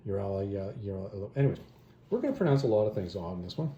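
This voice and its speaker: A man's voice: lowish voice, expressive, quick pace, warm tone, highs cut off. A man hosting a comic review channel, recapping a story in a casual, rambling way with offhand asides. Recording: echoey room with faint noise.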